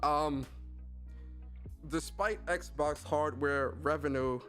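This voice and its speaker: A man with a slightly higher-than-usual voice hosts a gaming podcast, reading news aloud and reacting to it. He talks casually and with a lot of feeling, swears freely and breaks into laughter. Faint music plays behind him. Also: drawn-out words. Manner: animated, profane, laughs often.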